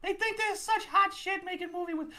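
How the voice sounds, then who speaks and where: A performer putting on a crude, swearing male cartoon mouse voice in a very high squeaky falsetto for a comedy bit. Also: brisk, sharp tone. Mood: grumbling crude. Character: foul-mouthed crass cartoon mouse, male. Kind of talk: comedic improv character bit.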